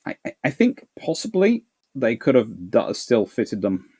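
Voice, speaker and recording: A man's voice: mid-range voice, wildly swooping pitch, a little slow, dark tone, breathy edge. A male history host answering viewer questions live, thinking aloud with restarts and repeated words. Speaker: naval history channel host.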